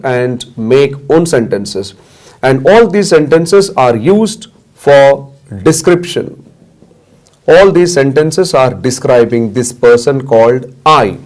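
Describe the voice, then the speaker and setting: A man teaching a basic English lesson, speaking slowly and deliberately and repeating simple sentences for learners to echo. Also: on the high side, darkish tone. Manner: slow, deliberate, repetitive drilling. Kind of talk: classroom lesson with drills.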